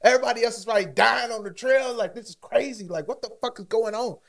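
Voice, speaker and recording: A man's voice: very high voice, a little fast, creaky. A man co-hosting a podcast, telling a story in casual, slangy chat and acting out what people said. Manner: animated, slangy storytelling with acted-out quotes. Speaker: podcast co-host.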